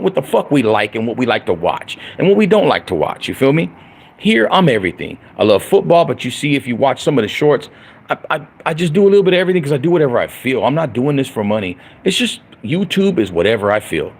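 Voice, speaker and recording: A man's voice: medium pitch, sing-song, fast talker, vocal fry, slightly rough. A middle-aged man in a casual late-night livestream, ranting with lots of profanity and repeating himself. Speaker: livestreaming vlogger.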